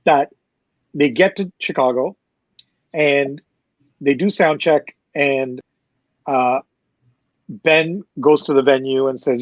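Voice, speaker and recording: A man who works as a concert promoter, telling a loose, fast, profane backstage story as a guest. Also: medium pitch, no room sound, highs cut off. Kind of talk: casual storytelling.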